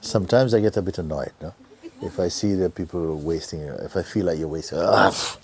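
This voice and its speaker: A middle-aged man giving a gentle satsang talk as a spiritual teacher, often dropping to a near whisper and laughing easily. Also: low-pitched, fairly quick. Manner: laughs easily, joyful and earnest.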